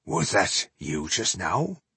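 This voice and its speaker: A man voicing a gruff, boastful male dwarf warrior who talks in a blustering, commanding way. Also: low-pitched, sing-song, slow, bright, forceful tone, dry recording, pitched below the performer's own voice, heavily acted. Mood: suspicious.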